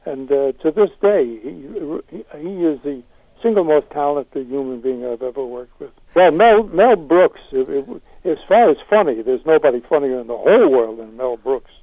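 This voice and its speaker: Older male guest, wry and halting, somewhat high voice, dry tinny phone sound. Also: animated, dry recording. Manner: hesitant restarts, wry. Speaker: guest, comedy writer. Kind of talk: interview answers, storytelling.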